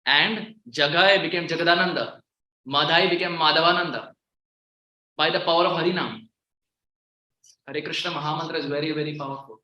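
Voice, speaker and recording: A man giving a devotional sermon in a temple hall, earnest and repeating key phrases, moving from hushed to emphatic. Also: fairly high pitch, fairly quick, long pauses, muffled recording. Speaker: visiting devotional speaker.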